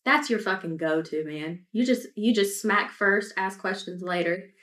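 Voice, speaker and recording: A woman's voice: medium pitch, unhurried. A woman chatting casually on a podcast, telling a story with swearing and laughter. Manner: lively storyteller, swears, laughs mid-sentence. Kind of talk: casual chat. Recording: echoey room.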